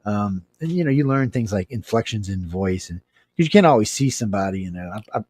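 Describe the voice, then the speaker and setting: A man's voice: lowish voice, brisk, no echo. A man as an interview guest, telling stories in a frank, chatty way and acting out the dialogue. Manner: animated storyteller who acts out quoted dialogue; frank, chatty, with mild swearing. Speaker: guest, UFO researcher and radio network producer. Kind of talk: casual storytelling interview.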